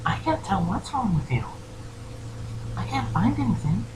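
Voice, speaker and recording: A man voicing a gentle, timid female pegasus healer in a soft, breathy tone. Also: sits high, sing-song, moderate pace, noisy background, voice pushed up. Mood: worried.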